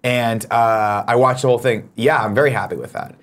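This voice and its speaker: Man, co-host, casual chat, reads comments, profane, teasing banter, mid pitch. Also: fairly even intonation, brisk.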